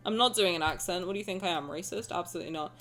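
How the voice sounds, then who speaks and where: Her voice sits low and moves very fast, with a fairly bright tone. She's streaming a game and chatting casually with viewers, sounding tired, rambling and self-deprecating.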